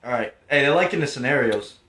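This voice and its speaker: A man's voice: mid-range voice, animated, quick pace, bright, forceful tone. A man co-hosting a podcast, chatting casually, swearing and reading out viewer comments. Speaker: podcast co-host. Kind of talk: casual chat. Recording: roomy echo.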